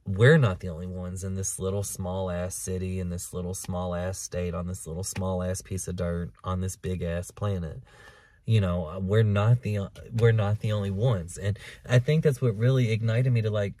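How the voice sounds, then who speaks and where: A man hosting his own podcast in a candid, profane, emotional monologue, sometimes loud and sometimes hushed, recorded outdoors in a park on the camera's mic. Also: deep voice, steady tone, moderate pace. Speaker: podcast host. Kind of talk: confessional solo podcast monologue. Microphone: camera recording him.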